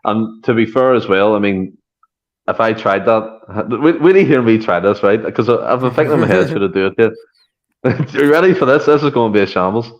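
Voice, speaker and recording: A man's voice: fairly low pitch, brisk. A man co-hosting a football podcast, chatty and jokey, recorded on dull lo-fi audio. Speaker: podcast co-host. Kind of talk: casual football chat.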